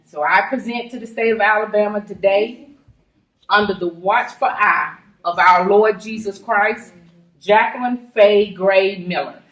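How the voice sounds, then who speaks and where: A woman giving an earnest, measured introduction of a candidate with churchy phrasing. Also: medium pitch, fairly bright tone. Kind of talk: formal introduction speech. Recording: echoey room from far off.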